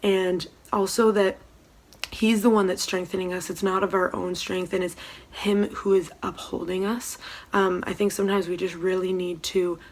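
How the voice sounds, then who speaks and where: A young woman giving a casual devotional talk from home, soft-spoken and hesitant, with many pauses and ums. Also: mid-range voice, flat delivery. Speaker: church devotional speaker. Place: room at home.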